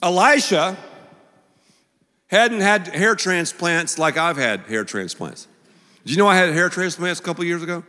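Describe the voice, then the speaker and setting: A male pastor preaches in a joking, animated way, tossing in quick asides. His voice is high and bright with lively swings in pitch. A long reverb fills the large auditorium behind him. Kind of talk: sermon.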